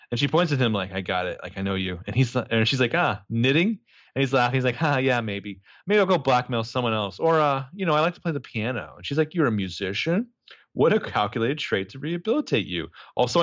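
A man's voice: mid-range voice, a bit bright, no echo, dull audio. A man casually recapping a TV episode as a podcast co-host, animatedly acting out the characters' lines with plenty of swearing. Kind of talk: casual chat.

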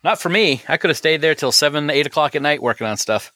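A man's voice: on the high side, animated, fast, sharp tone, dry recording, clean studio sound. A man co-hosting a podcast, chatting casually and trading playful jabs. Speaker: podcast co-host.

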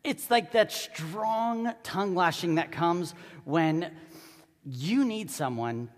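A man preaching a sermon as pastor, swinging between hushed asides and loud, fervent stretches. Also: high-pitched, expressive, takes it slowly. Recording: long reverb of a large hall.

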